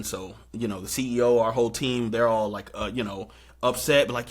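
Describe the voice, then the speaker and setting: A young man hosting a podcast, casually telling a story and acting out quotes in excited high bursts. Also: fairly quick. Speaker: podcast host.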